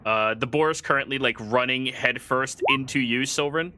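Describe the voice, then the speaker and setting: A man's voice: mid-range voice, normal speed, sharp tone, slight background noise. A man narrating as game master in a casual tabletop game, with loose filler words.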